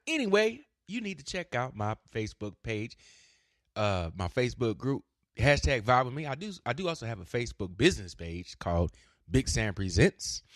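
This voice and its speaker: A man hosting his own podcast, rambling in a casual monologue, cursing freely and breaking into sudden shouts. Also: on the low side, no room sound, studio quality. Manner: profane, loud swings and sudden shouts. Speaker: podcast host.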